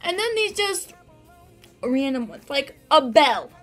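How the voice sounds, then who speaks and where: Bubbly high-voiced young woman vlogger. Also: very animated, slow pace, a bit bright, soft background music. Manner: bubbly, chatty, giggly, full of filler words. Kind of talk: casual vlog chat.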